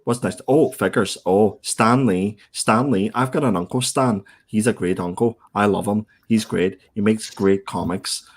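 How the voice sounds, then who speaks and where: A man's voice: fairly low pitch, measured pace, hardly any pauses. A man doing a fussy silly collector. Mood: mocking. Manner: repetitive, mock-fussy voice-over. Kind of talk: parody voice-over.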